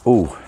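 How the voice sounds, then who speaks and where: A man's voice: a bit bright, slight background noise. A middle-aged man, chatting to viewers on an outdoor walking vlog, laughing and addressing them directly. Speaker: vlogger, former prison officer. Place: outdoors on a walk.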